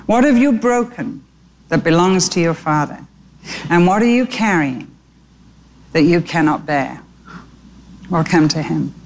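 Cast a woman with a lowish voice as a storytelling preacher, faint background noise. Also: lively intonation, a little slow, pauses often. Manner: warm storyteller, direct appeals to listeners. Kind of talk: storytelling sermon.

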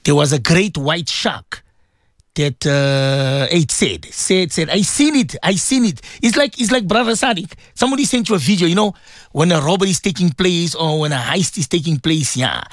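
A man hosting a casual radio talk show as a Muslim cleric, rambling and repeating words with sudden jumps in pitch. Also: normal speed, dry recording, clean studio sound.

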